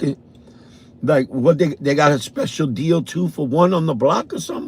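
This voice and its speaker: A man with a New York accent, a vlogger telling a profane, animated story from his car on a morning drive. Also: fairly high pitch, normal speed, slightly rough. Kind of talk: casual storytelling.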